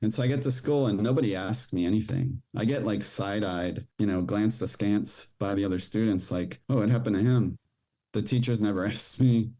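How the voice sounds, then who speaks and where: Low mellow man telling a painful story. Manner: rushed, halting retelling with restarts. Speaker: podcast guest. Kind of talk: personal storytelling.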